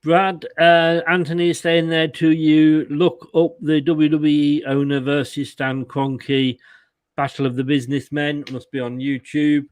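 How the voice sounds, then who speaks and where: A man's voice: on the high side, little pitch movement, a little slow, clean tone, dry recording. A man hosting a casual fan-channel chat, rambling and joking, often correcting himself mid-sentence. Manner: rambling, self-correcting, jokey. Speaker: fan channel show host.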